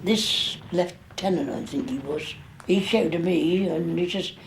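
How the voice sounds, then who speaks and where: A man's voice: high voice, moderate pace, gravelly, darkish tone. Elderly man reminiscing. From England. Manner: rambling, dialect grammar, many fillers. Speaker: war veteran interviewee. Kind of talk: recounting memories in an interview.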